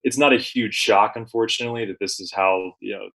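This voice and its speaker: A man, a journalist guest, recounting an experience in relaxed conversation with frequent fillers and restarts. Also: lowish voice, brisk, gravelly, rough recording. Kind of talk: conversational storytelling.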